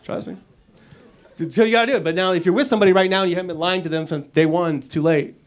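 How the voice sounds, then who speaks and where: A man's voice: high voice, fast talker. A man doing a stand-up comedy set in a club, acting out little scenes with silly voices. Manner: animated, acts out characters with silly voices.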